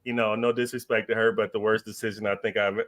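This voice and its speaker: Bright-voiced man telling a story casually. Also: lowish voice, level tone, fast talker. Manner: loose and slangy, heavy on fillers, laughs while telling. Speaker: podcast guest.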